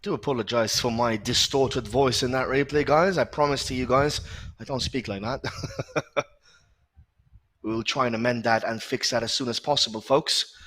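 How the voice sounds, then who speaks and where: Man giving brisk football commentary. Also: medium pitch, fairly bright tone. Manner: brisk play-by-play with filler pauses. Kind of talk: live match commentary.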